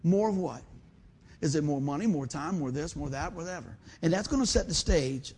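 A man preaching a sermon, telling stories in an animated way and often calling out "man" and "amen" to the congregation. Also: on the high side, normal speed, slight background noise.

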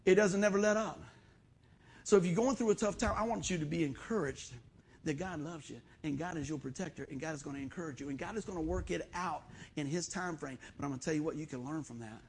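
A middle-aged man preaching a sermon as pastor, in a folksy, animated storytelling way. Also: on the high side, fast talker, a little hiss or hum.

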